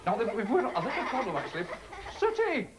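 Man, guest entertainer, high voice, excitable, exclaiming, loud children's crowd. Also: racing, heavy background noise. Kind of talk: comic stage patter to children.

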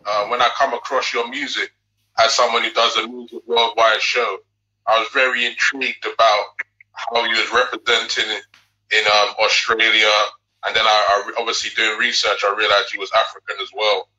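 A man hosting a music show, asking long questions in a halting way with many fillers. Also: lowish voice, flat delivery, bright, forceful tone, highs cut off. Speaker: show host. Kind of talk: interview questions.

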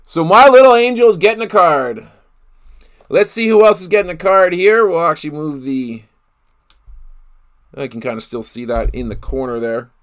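A man's voice: fairly high pitch, expressive, moderate pace, pauses often, fairly bright tone. A man from Canada hosting a live card break, chatting casually with viewers, laughing often and thinking aloud with fillers.

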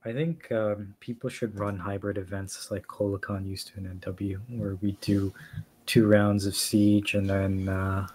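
A man's voice: fairly low pitch, little pitch movement, a little slow, background noise. A man streaming an online war game, chatting casually with teammates and swearing now and then. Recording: stream with loud game music.

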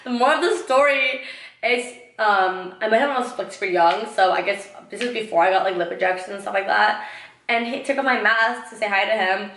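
A woman's voice: mid-range voice, a little fast, fairly bright tone, echoey room. A tipsy young woman vlogger in her twenties, rambling through gossip with lots of giggles and "like". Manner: giggly, rambling, heavy use of "like". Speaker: beauty vlogger. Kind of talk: casual tipsy gossip chat.

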